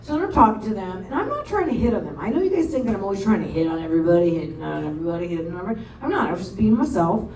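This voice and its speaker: A woman's voice: mid-range voice, sing-song, very fast, few pauses, crowd noise. A woman doing a stand-up comedy set in a bar, telling bawdy stories with teasing quoted dialogue. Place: bar stage. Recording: echoey bar room from far off, faint noise.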